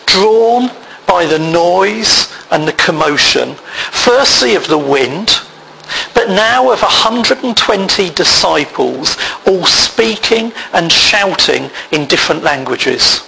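A man preaching a sermon, reading scripture aloud in a measured way. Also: high voice, lively intonation, sharp tone, a little hiss or hum, rough recording. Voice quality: gravelly.

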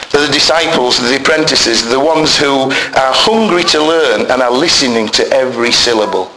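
Male preacher, hoarse, lively and bright delivery, roomy hall echo, emphatic sermon style. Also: mid-range voice. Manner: animated, emphatic, rising to near shouts. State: hoarse voice, bad chest. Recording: roomy echo, faint noise.

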